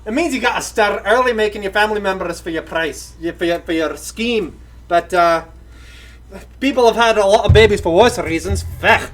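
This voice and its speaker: A man's voice: high voice, normal speed, fairly bright tone. A man co-hosting a casual gaming news show, talking in a playful, rambling way and stumbling over his words. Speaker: podcast co-host.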